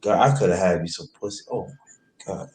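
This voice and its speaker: A man's voice: sits low, moderate pace, a little mellow. A man from New York telling a loose, profane story in casual chat and slipping into quoted voices. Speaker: host. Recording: roomy echo.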